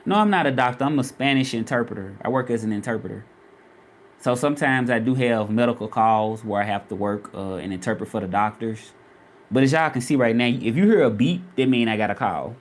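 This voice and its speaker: A man's voice: mid-range voice, brisk. A man from Memphis with a Southern accent, chatting casually on a livestream and repeating his questions to viewers. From Memphis, Tennessee. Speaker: vlogger and freelance Spanish interpreter.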